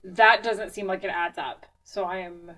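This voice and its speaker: A woman's voice: mid-range voice, steady tone, moderate pace, pushed and bright. A woman player thinks aloud in a hesitant way. She sits well back from the mic, so her voice sounds distant.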